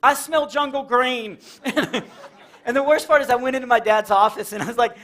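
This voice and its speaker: A middle-aged man from Texas doing live Christian stand-up in a church, telling stories with lively acted-out quotes. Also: very high voice, brisk. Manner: animated storytelling with acted-out quotes and laughs. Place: church hall with a live audience.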